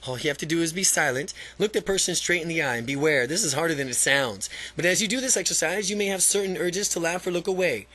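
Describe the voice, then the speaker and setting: A man's voice: fairly high pitch, fast, few pauses, pushed and bright. A man reading a self-help book aloud, often stumbling, repeating and restarting phrases, and adding his own asides. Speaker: audiobook reader.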